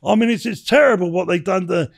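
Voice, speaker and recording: An older man in his sixties talks as an interview guest with a high, gravelly voice. He rambles from story to story, swears freely and keeps adding "you know what I mean". It has the easy pace of a casual podcast chat. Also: quick pace. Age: 60s. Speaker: podcast guest, former bare-knuckle boxer.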